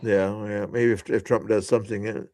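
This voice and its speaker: A man's voice: on the low side, level tone, normal speed, a little mellow. A man hosting a livestream, chatting casually about politics and commenting on clips he is rewatching. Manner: conversational, laughs and comments while rewatching clips. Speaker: stream host.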